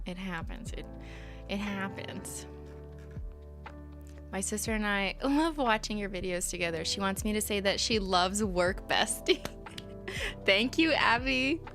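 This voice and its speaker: A woman's voice: mid-range voice, a bit bright. A woman hosting a casual livestream, reading out chat messages with playful, giggly, mock-corporate banter.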